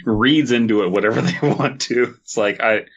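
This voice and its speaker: A man's voice: mid-range voice, brisk, breathy edge. A man co-hosting a casual comedy podcast, reading a story aloud and joking as he goes. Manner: joking, laughing through reading. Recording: dull lo-fi mic.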